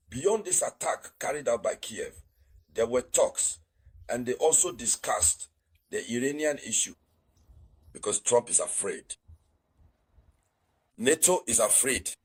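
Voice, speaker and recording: A man with a husky, breathy voice delivers a political news commentary monologue. He speaks emphatically, hammers his points by repeating them, and keeps urging his viewers to share. His voice sits at an ordinary middle pitch. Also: animated, slow, pauses often, poor audio. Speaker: host of a news commentary channel.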